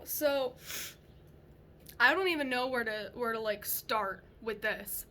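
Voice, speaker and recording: A woman's voice: high voice, bright, forceful tone. A young woman casually telling a frightening paranormal story, rambling and swearing as she goes. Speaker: storyteller sharing a paranormal experience.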